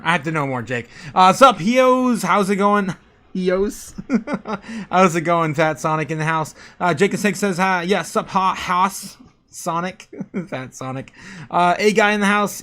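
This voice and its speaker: A man's voice: high-pitched, a bit bright. A man hosting a casual crypto livestream, greeting chat members by name, repeating himself and chuckling often as he reads the charts.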